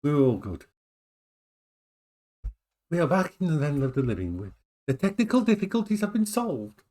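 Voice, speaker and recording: A man chatting casually on a live stream from his home, often breaking into high baby talk for his dogs. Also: very animated, moderate pace, warm tone.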